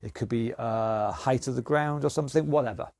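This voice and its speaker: A man's voice: mid-range voice, a little fast, gravelly, a little mellow, dry recording. A man leading an online exercise class, counting down rounds and calling out moves with encouragement. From United Kingdom. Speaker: fitness instructor. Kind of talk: online workout class coaching.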